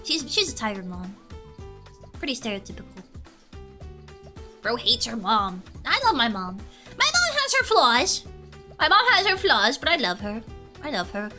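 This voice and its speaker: A young woman streamer chatting casually and telling stories, laughing often. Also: high voice. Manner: giggly, animated storytelling. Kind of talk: casual chat with chat.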